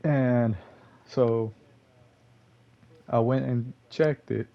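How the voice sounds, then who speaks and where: A man's voice: medium pitch, fairly even intonation, drawn-out words, vocal fry, highs cut off. A young man from Texas commentating on his own gameplay in a rambling, loose way, full of fillers and curses. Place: home gaming room.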